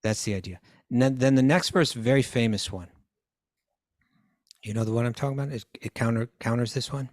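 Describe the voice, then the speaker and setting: A man's voice: mid-range voice, fairly quick, long pauses, a little mellow, dry recording, studio quality. A man teaching scripture in a question-and-answer talk, quoting Sanskrit verses, translating them and often restarting his phrases.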